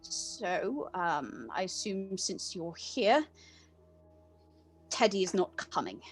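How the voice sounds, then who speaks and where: A woman's voice: on the low side, big pitch swings, slow, faint music behind, full character voice. A woman voicing a severe-looking male priest who talks hesitantly and apologetically. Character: severe, anxious middle-aged male priest.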